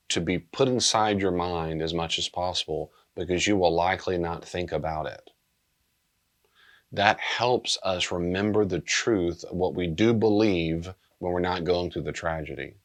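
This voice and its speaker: A man's voice: low voice, measured pace, a bit bright. A middle-aged man who is a pastor, giving an earnest, plain-spoken pastoral teaching in a subdued, unchipper way.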